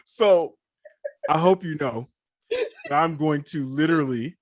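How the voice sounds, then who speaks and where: A man with a St. co-hosting a casual wrestling podcast, relaxed and laughing along. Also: on the high side, unhurried. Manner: laid-back, laughing along. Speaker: podcast co-host.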